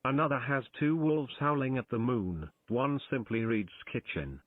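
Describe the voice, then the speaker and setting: A man reading out a text adventure game's narration in a lively storybook manner. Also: medium pitch, normal speed, no echo. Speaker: game narrator. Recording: tinny phone-like dry sound.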